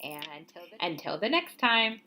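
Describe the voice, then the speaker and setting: A woman's voice: on the low side, very animated, moderate pace, bright, forceful tone. A young woman hosting an oracle card reading, talking casually and encouragingly, rambling with ums and little laughs. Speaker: oracle card reader, channel host. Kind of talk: casual spiritual video talk.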